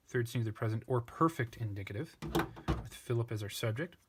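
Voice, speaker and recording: A man's voice: medium pitch, expressive, fairly quick, noisy background. A man tutoring a parsing lesson, working step by step, thinking aloud and correcting himself as he goes. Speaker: language tutor.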